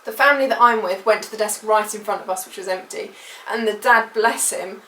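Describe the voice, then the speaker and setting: A woman's voice: mid-range voice, fairly quick, bright, forceful tone, a little hiss or hum. British woman vlogger, emotional rambling storytime, roomy and off-mic. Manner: emotional, rambling retelling with many fillers. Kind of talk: personal storytime vlog. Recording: echoey room, mic at a distance.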